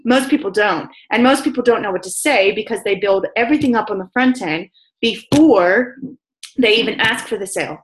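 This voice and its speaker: A woman sales coach teaching a business training session, brisk and emphatic, repeating her key points. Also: medium pitch, reverberant, rough recording.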